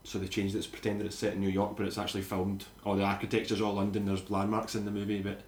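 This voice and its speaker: A man's voice: on the low side, completely flat delivery, quick pace, slight background noise. A man retelling film production stories during a casual movie commentary, trailing off mid-sentence. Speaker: commentary co-host. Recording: roomy echo.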